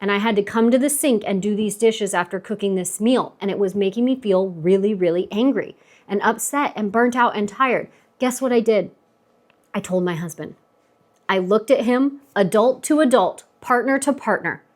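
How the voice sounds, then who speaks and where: A woman's voice: medium pitch, normal speed. A woman in her thirties, a stay-at-home mom giving earnest, emphatic advice to camera, repeating herself for stress. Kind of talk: casual advice talk to camera.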